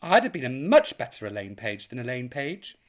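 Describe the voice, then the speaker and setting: Theatrical woman, wildly swooping pitch. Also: sing-song, fairly quick. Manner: camp, theatrical and gossipy, swinging up and down. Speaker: drag host of a live online chat show. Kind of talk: comic live-stream chat.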